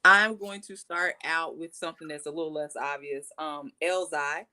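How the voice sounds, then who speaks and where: A woman with a bright, forceful tone and a fairly low base pitch co-hosts a podcast. She reviews music with exuberant, casual enthusiasm. Her voice swoops up high whenever she gets excited. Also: moderate pace. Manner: exuberant, swoops high when excited, calls listeners baby. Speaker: podcast co-host.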